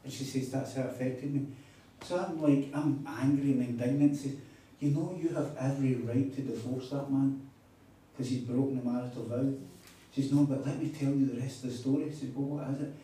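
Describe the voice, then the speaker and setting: A man's voice: mid-range voice, steady tone, fairly quick, dark tone, slight background noise. A man preaching a sermon, telling stories with emphatic repeats. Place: hall at a retreat. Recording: echoey hall, mic far off.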